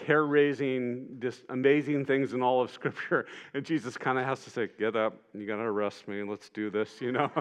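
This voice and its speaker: A man preaching a sermon in a conversational, animated way, acting out the lines he quotes. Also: medium pitch.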